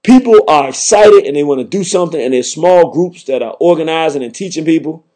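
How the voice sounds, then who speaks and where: A man's voice: on the high side, lively intonation, a little fast, a little mellow. A man hosting a talk program, delivering a combative, emphatic monologue. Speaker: radio talk host. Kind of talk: impassioned monologue.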